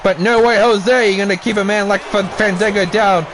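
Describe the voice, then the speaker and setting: A man casually giving play-by-play commentary on a wrestling video game, excitable, swearing and cheering on the wrestlers, while fighting off the hiccups. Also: sits high, moderate pace, noisy background. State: has the hiccups. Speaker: gameplay commentator.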